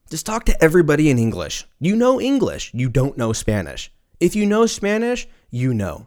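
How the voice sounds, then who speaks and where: A man's voice: mid-range voice, darkish tone. A man hosting a casual solo podcast, rambling off on tangents, swearing freely and laughing at his own jokes. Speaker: podcast host.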